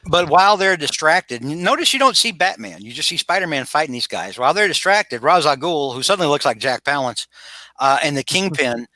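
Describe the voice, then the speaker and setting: A man co-hosting a casual podcast, retelling a story with animated energy, acting out lines, and stumbling through restarts. His voice is bright and forward. The sound is dry and close. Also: a little high, fairly quick, no echo. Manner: animated retelling with acted-out quotes and frequent restarts. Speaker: podcast co-host. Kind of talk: casual chat.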